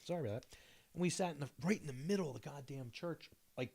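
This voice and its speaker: A man's voice: on the high side, fast, vocal fry, a little mellow, slight background noise. A middle-aged man co-hosting a podcast, telling a long, profane, rambling story in casual chat. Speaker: podcast co-host.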